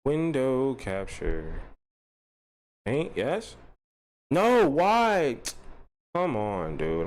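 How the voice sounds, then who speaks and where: A man's voice: mid-range voice, wildly swooping pitch, drawn-out words, long pauses, rough recording. A man hosting a casual livestream, talking in loose, profane, self-mocking banter with frequent restarts. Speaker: livestream host.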